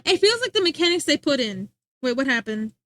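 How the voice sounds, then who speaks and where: A young woman streams and chats casually, her slightly high voice moving in big pitch swings at a little fast pace with a sharp tone. She rambles, restarts sentences and reacts to her chat. The audio is dry and close to the mic, with no echo.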